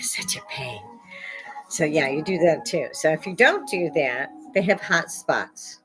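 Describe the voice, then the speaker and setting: An older woman hosting a podcast, talking in a rambling, opinionated monologue, salty and quick to laugh at her own jokes. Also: on the low side, poor audio. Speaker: podcast host.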